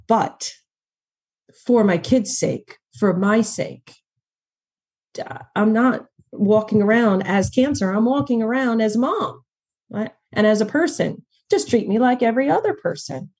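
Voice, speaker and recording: A woman speaking as a podcast guest in a heartfelt, animated way. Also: fairly high pitch, unhurried, husky. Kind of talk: conversational interview.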